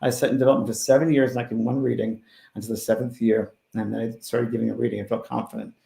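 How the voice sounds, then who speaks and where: A man with a gravelly, mid-pitched voice tells his stories in an animated way, turning loud and then hushed. He is a medium in a casual interview, and his voice carries a roomy echo. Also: fast talker. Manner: animated storyteller who swings between loud and hushed. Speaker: spiritual medium, guest.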